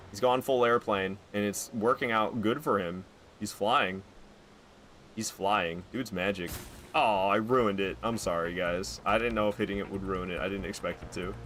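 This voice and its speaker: A man streaming a game with casual live commentary, getting excitable and jumping up high when surprised. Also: a little hiss or hum.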